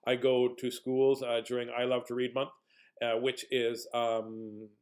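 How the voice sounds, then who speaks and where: A man's voice: medium pitch, measured pace. Silly man reading to kids. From Manitoba, Canada. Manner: silly, animated, laughs often. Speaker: children's entertainer reading aloud. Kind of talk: playful read-aloud storytelling for kids.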